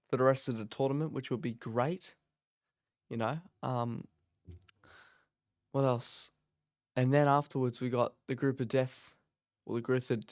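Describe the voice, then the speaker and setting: A man talks through a match in a loose, rambling way, with sudden excited bursts. His voice is smooth and resonant. The sound is close and dry, with no room echo. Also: medium pitch. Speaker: watch-along host. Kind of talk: casual live match commentary. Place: office.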